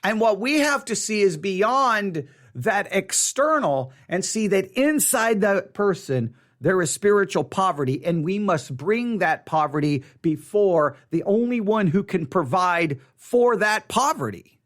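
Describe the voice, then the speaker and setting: A man's voice: high voice, animated, unhurried, a bit bright. A man leading a Bible study, teaching earnestly, often restarting his sentences and hammering points through repetition.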